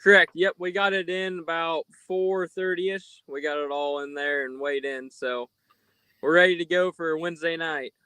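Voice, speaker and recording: A man's voice: a little high, steady tone, moderate pace, bright, forceful tone, clean tone. A man from Missouri, a guest on a live show, answering in short, laid-back replies. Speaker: guest competitor. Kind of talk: casual chat.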